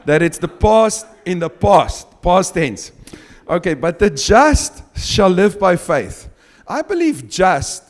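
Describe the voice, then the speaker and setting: A man whose first language is Afrikaans, preaching a sermon and reading scripture slowly and with emphasis, chuckling often between points. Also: high-pitched. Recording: long hall reverb.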